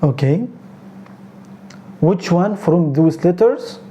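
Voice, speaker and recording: A man with an Egyptian accent, a native Arabic speaker, teaching beginners how to pronounce letters, repeating each sound slowly and correcting common mistakes. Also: on the high side, lively intonation, warm tone, slight background noise. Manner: slow, repetitive drilling of sounds, corrective. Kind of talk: beginner pronunciation lesson.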